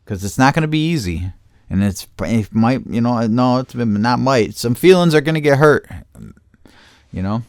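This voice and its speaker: A man's voice: medium pitch, expressive, normal speed, darkish tone, clear, resonant tone, no room sound, studio quality. Profane, laid-back man hosting a chat show. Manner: loose, profane, laughing asides. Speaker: podcast host. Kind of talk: casual chat.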